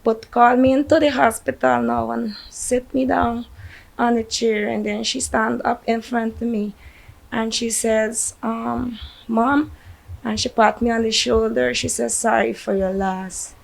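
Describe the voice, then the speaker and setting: A woman's voice: a little high, steady tone, gravelly, poor audio. A woman with a Guyanese accent, a grieving mother telling a news reporter how she learned of her son's death, in distressed bursts. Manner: distressed, recounting events in rushed bursts. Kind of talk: emotional news interview.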